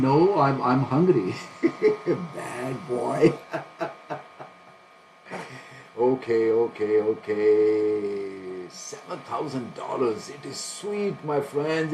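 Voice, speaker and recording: A man's voice: medium pitch, dark tone, slight background noise, rough recording. Anxious, self-questioning male trader. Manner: anxious, self-questioning, laughs nervously, talks to himself. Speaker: day trader streaming a live trade. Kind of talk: live commentary to viewers.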